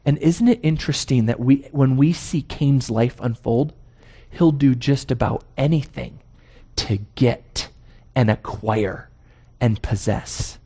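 A man's voice: mid-range voice, mellow. Emphatic male preacher asking rhetorical questions. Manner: slows down to stress key words. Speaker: pastor. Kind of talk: sermon.

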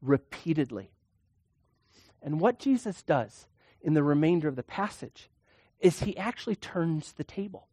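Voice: mid-range voice, animated, measured pace, pauses often, dark tone, dry recording, clean studio sound. A preacher giving a sermon in a conversational way, full of rhetorical questions and acted-out quotes.

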